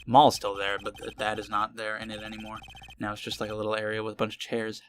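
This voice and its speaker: A man's voice: lowish voice, completely flat delivery, fast talker, a little hiss or hum. A man giving casual gameplay commentary with crude, joking asides. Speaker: let's player.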